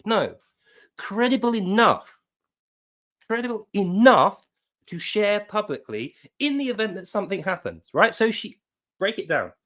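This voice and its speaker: A man's voice: high-pitched, very animated, moderate pace, fairly bright tone. A man giving sarcastic reaction commentary, mocking what he reads aloud. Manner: mocking, reads quotes aloud in put-on voices. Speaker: online commentator.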